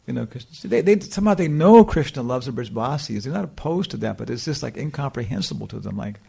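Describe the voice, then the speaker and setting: A man's voice: mid-range voice, animated, quick pace, creaky, mellow, breathy edge. A man giving an informal scripture talk and taking questions, rambling and chuckling with lots of "you know". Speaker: spiritual teacher.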